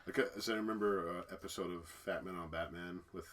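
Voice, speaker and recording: A man's voice: sits low, steady tone, quick pace, a bit bright. A man co-hosting a casual talk about a cartoon episode, laughing often and trailing off to restart his sentences. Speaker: podcast co-host. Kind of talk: casual chat.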